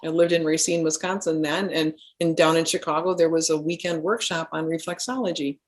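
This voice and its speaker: A middle-aged woman, a spiritual healer, earnestly telling a personal story with animated restarts. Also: low-pitched, fairly quick.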